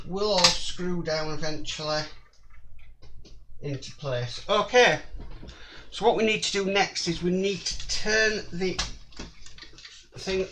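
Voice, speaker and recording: A man narrating a hands-on model-kit build, slow and apologetic, muttering as he works. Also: high voice, heavy background noise.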